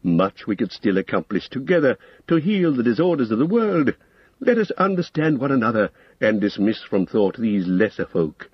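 A man voicing a proud, persuasive old male wizard in an audiobook, with smooth coaxing speech that climbs to lofty emphasis. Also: medium pitch, very animated, normal speed, dry recording. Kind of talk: audiobook character reading. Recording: dull lo-fi audio, dry.

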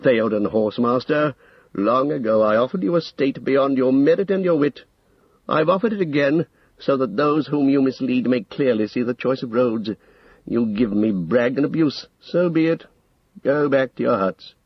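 Old male wizard, persuasive and proud, man doing the voice, husky tone, dry lo-fi audiobook. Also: medium pitch, normal speed, no room sound, voice pushed up. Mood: scornful. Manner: smooth coaxing, rising to lofty emphasis. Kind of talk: audiobook character reading.

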